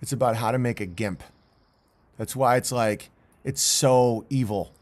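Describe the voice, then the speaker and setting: A man's voice: mid-range voice, measured pace, a little mellow. A man commentating on video clips in a rambling, intense way, with many restarts.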